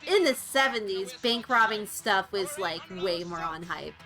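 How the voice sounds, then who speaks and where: A woman's voice: medium pitch, measured pace, poor audio. A woman streaming, chatting casually to her viewers with plenty of "like" and "oh, shucks" exclamations. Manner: chatty, excitable, peppered with "like" and "oh, shucks". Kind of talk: casual chat while watching trailers. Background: trailer and game music.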